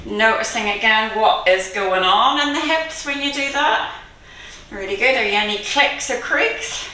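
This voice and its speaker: A fitness instructor leads a guided workout, counting reps aloud, encouraging the group and laughing often. Her voice is fairly high, animated, pushed and bright, and unhurried, with the mic far off in a very echoey room.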